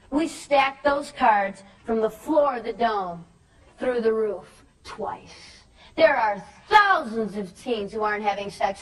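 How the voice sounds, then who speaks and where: Woman youth speaker, high-pitched, emphatic and preachy; distant mic, faint crowd. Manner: emphatic, preachy, with shouted stresses and slow drawn-out points. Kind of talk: impassioned religious talk to students.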